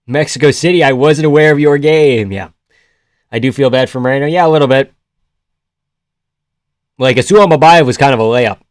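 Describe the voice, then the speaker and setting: A man talking into a desk mic on a live stream, reacting to the fights and answering his chat. His voice sits at an ordinary middle pitch, and the sound is dry and close with no room around it. He swings from loud outbursts to easygoing banter. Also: moderate pace, long pauses, no echo. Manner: loud outbursts of excitement, then laid-back banter with chat. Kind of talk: casual live reaction commentary.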